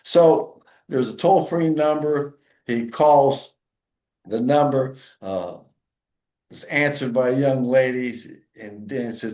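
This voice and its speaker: A man hosting a podcast, telling a story in an easygoing way with many filler pauses. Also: medium pitch, darkish tone. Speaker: podcast host. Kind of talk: casual storytelling chat. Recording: roomy echo.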